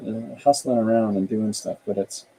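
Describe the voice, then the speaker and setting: A man's voice: fairly low pitch, fairly even intonation, moderate pace, mellow, slight background noise, rough recording. A middle-aged man from Canada, a podcast host and author, chatting casually and thinking aloud with frequent restarts.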